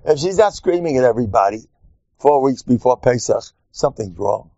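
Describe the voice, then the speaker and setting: A man's voice: fairly quick, gravelly, no echo. A man giving a humorous Torah lecture as a rabbi, joking and teasing as he teaches. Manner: animated, joking, acts out quotes in squeaky voices. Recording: dull, dry lo-fi recording.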